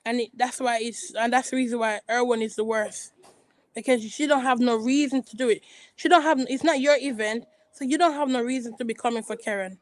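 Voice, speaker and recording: A woman's voice: a little high, steady tone, brisk, no echo, poor audio. A woman giving a rambling, gossipy recap of a reality TV show in a casual chat. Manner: rambling, gossipy, frequent restarts. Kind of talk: casual chatty commentary.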